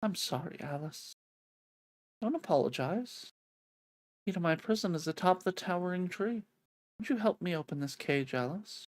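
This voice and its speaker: A woman voicing a gentle, apologetic queen in a soft, quiet voice. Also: on the low side, animated, moderate pace, long pauses, dry recording. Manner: soft, apologetic, lets names trail away.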